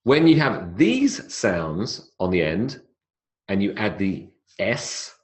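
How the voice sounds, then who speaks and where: A man giving an English pronunciation lecture, stretching out example words slowly and jumping up in pitch to stress them. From not South America. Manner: slow, drawn-out model words, lively pitch jumps on examples. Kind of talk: classroom lecture.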